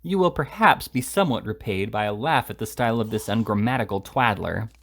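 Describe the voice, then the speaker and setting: A man's voice: lowish voice, expressive, a little fast, fairly bright tone. A man reading aloud and voicing a mocking, scornful male newspaper editor in a raised, sneering voice.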